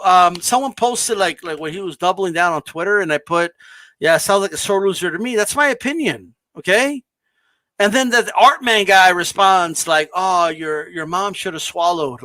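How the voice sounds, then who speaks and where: A man's voice: sits high, expressive, normal speed, sharp tone, dry recording. A man co-hosting a casual boxing talk show, ranting in a brash, profane way. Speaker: boxing channel co-host. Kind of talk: casual podcast chat.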